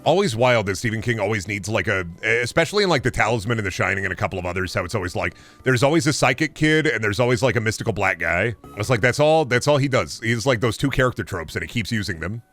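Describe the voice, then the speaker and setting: A man's voice: on the low side, lively intonation, fast, few pauses, fairly bright tone, soft background music. Rambling sarcastic male streamer. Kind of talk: casual stream chat.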